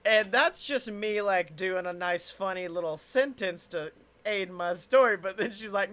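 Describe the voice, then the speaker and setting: Bright, animated young man telling stories. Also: high voice, measured pace. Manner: animated storytelling, mimics people, swears and laughs a lot. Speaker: podcast co-host. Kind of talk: casual chat.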